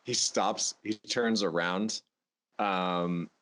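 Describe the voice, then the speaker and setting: A man narrating as game master of a tabletop game, relaxed and quick to laugh. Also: low voice, slight background noise.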